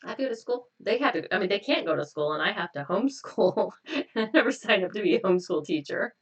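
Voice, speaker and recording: A woman's voice: mid-range voice, fast talker, husky, far from the mic, rough recording. A woman hosting a live stream, talking casually and laughing as she leads viewers through repeated affirmations, a little tired. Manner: relaxed, chatty, laughs often, repeats affirmations. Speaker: hypnotist leading a tapping exercise.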